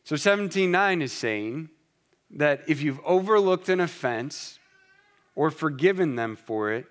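A married man preaching a sermon, speaking earnestly and directly with quick repeated restarts. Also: fairly high pitch, expressive. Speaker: pastor.

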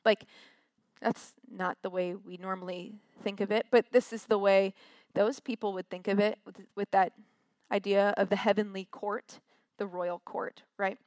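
A woman's voice: mid-range voice, little pitch movement, unhurried, a little mellow, dry recording. A woman giving a casual, chatty sermon from a stage, acting out quotes in little voices. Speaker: preacher.

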